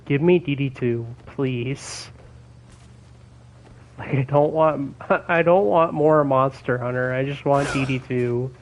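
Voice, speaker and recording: A young man chatting casually while streaming a game, excitable and swearing a lot, with laughs between his words. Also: medium pitch, low-quality recording. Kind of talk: casual gaming stream chat. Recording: faint background noise.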